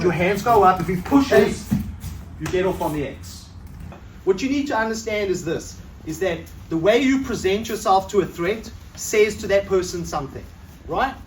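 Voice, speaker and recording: A man's voice: high-pitched, a little hiss or hum. A middle-aged man coaching a self-defense seminar, talking conversationally and checking in with the class again and again. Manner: conversational, checks in with "right?" constantly. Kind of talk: seminar teaching. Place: training hall at a seminar. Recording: echoey hall, mic from far off.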